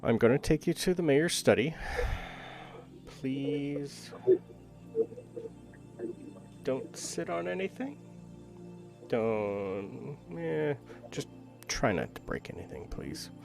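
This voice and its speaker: A man voicing a stern, fastidious old male dwarf butler with a deep voice, curt and wary of his guests. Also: expressive, vocal fry, music in the background. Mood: fussy.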